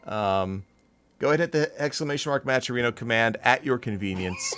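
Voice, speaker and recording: A man's voice: medium pitch, expressive, brisk, a bit bright, clear, resonant tone, faint music behind. Joking man hosting a game stream. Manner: joking, plugs the stream fundraiser. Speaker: host and commentator. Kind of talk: casual chat.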